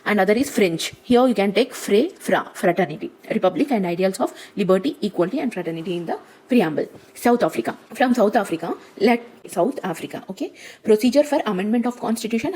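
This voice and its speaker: A woman's voice: medium pitch, a little mellow, poor audio. Woman teaching memory tricks. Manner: repetitive, checks in with "okay?" and "right?". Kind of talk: exam-prep lesson with memory tricks.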